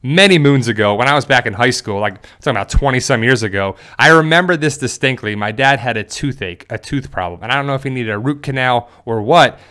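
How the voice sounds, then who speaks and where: A middle-aged man talks casually to his viewers. His voice is smooth and clear at a middle pitch, and he rambles easily from one story to the next. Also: fast talker, few pauses, pushed and bright. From New Jersey. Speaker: YouTuber. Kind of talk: casual talking-to-camera vlog.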